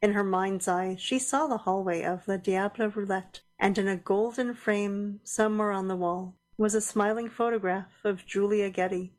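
A woman narrating a radio drama in a measured, deliberate storytelling voice. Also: mid-range voice, steady tone. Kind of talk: scripted audio-drama narration.

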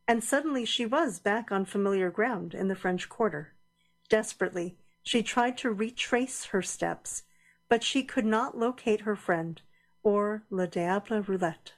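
Woman narrating a radio drama. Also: mid-range voice. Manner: measured, deliberate storytelling. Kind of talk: scripted audio-drama narration.

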